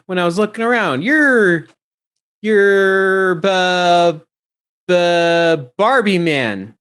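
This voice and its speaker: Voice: medium pitch, lively intonation, slow, fairly bright tone, smooth. A player in a tabletop game, talking casually in a playful, giggly way.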